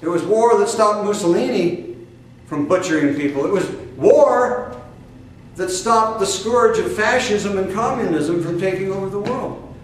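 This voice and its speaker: Fiery older Midwestern preacher, echoey. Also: male voice, sits high. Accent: Midwestern American. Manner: fiery, emphatic preaching with sudden loud outbursts and drawn-out stresses. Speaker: spiritual teacher. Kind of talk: sermon. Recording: echoey distant room recording with faint noise.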